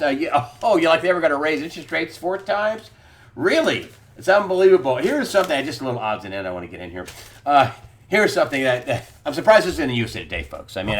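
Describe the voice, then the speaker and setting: A man's voice: on the high side, fairly bright tone. A middle-aged man hosting a solo news commentary, talking in an incredulous, sarcastic way and laughing scornfully at the stories he reads.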